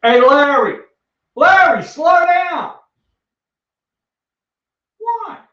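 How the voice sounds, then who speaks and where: A man voicing a bossy mail-room supervisor shouting orders at his crew. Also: very high voice, lively intonation, normal speed, pitched above the performer's own voice, full character voice. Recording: echoey, distant, dull sound.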